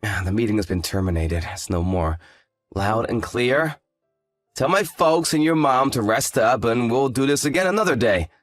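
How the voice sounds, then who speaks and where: A man's voice: medium pitch, animated, moderate pace, dry recording, soft background music, natural voice. A man voicing an arrogant, hungover young fiancé who talks in a lazy, condescending, sarcastic way. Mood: smug. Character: arrogant hungover male fiancé, dismissive and smug. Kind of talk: scripted story drama.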